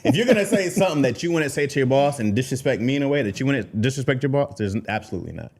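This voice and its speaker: A man's voice: mid-range voice, lively intonation, very fast, a little mellow. A man co-hosting a podcast, arguing his point in a casual debate, emphatic and insistent, often breaking into laughter. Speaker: podcast co-host.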